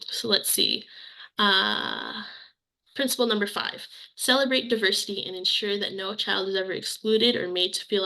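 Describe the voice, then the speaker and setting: Bright-voiced earnest woman presenter. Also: medium pitch, poor audio. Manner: earnest, personal, repeats key phrases. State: briefly emotional. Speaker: program presenter. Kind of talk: webinar presentation.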